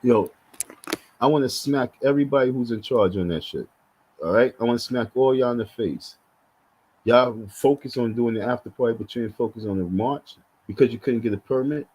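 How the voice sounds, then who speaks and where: Blunt, heated husky man ranting. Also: mid-range voice, moderate pace, darkish tone, rough recording. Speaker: livestream commentator. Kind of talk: casual live commentary.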